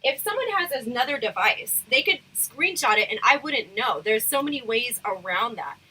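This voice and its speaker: A woman hosting a casual livestream chat, talking frankly and rambling with lots of fillers, her voice going hoarse. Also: a little high, big pitch swings, normal speed, pushed and bright, poor audio. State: losing her voice, throat irritated. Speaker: livestream host.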